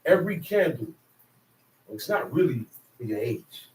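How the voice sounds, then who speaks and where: In an echoey recording from a distant mic, with faint ambient noise, a street preacher leads call-and-response teaching. His mid-range voice is very animated yet measured in pace as he throws emphatic, colloquial rhetorical questions at listeners.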